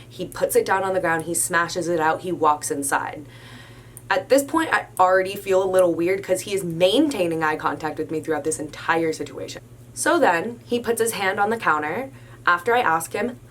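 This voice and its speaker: Young woman, casual storytime, animated and emphatic, faint background hiss. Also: lowish voice. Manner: animated, emphatic retelling with many "like"s. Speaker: storyteller recounting a work incident.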